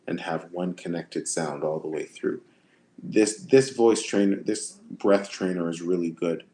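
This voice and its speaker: A man with a lowish voice speaks unhurriedly, coaching singers on a livestream. He answers viewers' chat questions in a relaxed, conversational way and often circles back to repeat a point. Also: a little hiss or hum. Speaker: vocal coach.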